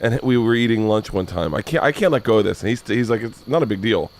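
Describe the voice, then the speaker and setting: A man's voice: lowish voice, expressive, darkish tone. Rambling, profane podcast host man. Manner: rambling, profane, halting restarts. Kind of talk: casual podcast chat.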